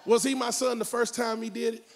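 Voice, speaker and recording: A male pastor preaching a lively, comic sermon to a church, often breaking into shouts. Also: extremely high pitch, fairly quick.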